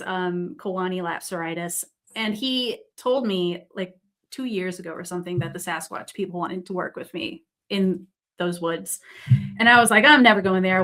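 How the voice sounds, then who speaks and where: Guest woman, excitable, rambling anecdote, mid-range voice. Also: medium pitch. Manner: rambling, full of fillers and "like". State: buzzing with excitement. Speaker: psychic medium guest. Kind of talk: casual storytelling.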